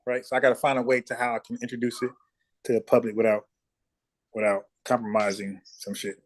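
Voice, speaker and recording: A man's voice: medium pitch, flat delivery, fairly quick. A man from South Carolina hosting a livestream, talking bluntly and profanely, repeating words when he gets fired up. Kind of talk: casual heated debate.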